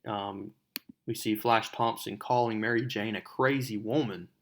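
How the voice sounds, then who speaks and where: A young adult man hosting his own show, recapping a comic book in a relaxed, chatty way with fillers. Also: on the low side, unhurried.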